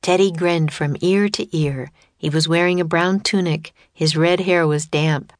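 A woman reads a children's storybook aloud with a clear, steady storytelling delivery. Her voice is on the low side and recorded very dry and close. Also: unhurried, no echo. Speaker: audiobook narrator. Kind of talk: scripted storybook narration.

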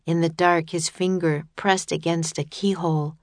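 A woman narrating a children's chapter book in steady, expressive scripted reading. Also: on the low side, moderate pace, dry recording. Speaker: audiobook narrator.

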